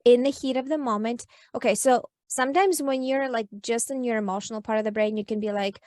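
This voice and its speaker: A woman with a fairly high voice talks earnestly as a guest coach, leaning on "like" and "you know" as she explains. The sound is dry and close, with no room in it. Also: fairly quick, few pauses, darkish tone, dry recording. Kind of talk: podcast interview advice.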